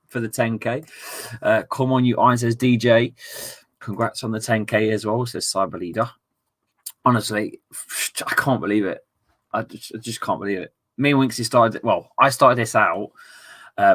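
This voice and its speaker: Chatty bloke, lowish voice. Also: male voice, steady tone, moderate pace, fairly bright tone. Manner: chatty, reads viewer messages aloud, laughs often. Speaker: football streamer. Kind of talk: casual live-stream chat.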